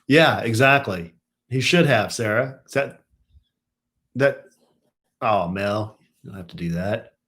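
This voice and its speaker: A man's voice: animated, takes it slowly, pauses often, a bit bright. A middle-aged man hosting a casual live stream from home, chatting with viewers and ranting in exasperation. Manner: chatty, turns exasperated and high-pitched when ranting.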